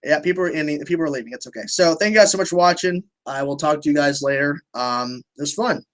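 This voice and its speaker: A man's voice: a little high, quick pace. Rambling young man on a livestream. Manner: rambling, restarts a lot, swears casually. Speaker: livestream host answering viewer questions. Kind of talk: casual livestream chat.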